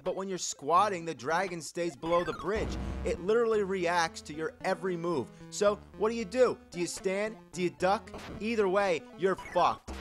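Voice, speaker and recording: A man's voice: high voice, fairly bright tone. A man playing a short-tempered, foul-mouthed male retro gamer, reviewing a game in an exasperated, profane rant.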